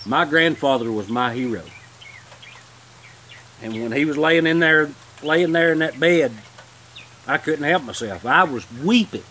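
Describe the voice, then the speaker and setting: Guy on a homestead livestream rambling thru heartfelt stories, kinda high voice, faint hiss behind. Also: a little slow, pauses often, pushed and bright. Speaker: homesteading channel host. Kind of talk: casual livestream storytelling.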